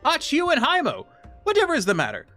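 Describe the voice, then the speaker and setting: A man voicing a pompous, theatrical gentleman inspector in a game read-along, with a raised voice. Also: very high-pitched, wildly swooping pitch, quick pace, soft background music, pitched above the performer's own voice, exaggerated voice. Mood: grandiose. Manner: theatrical, grandiose.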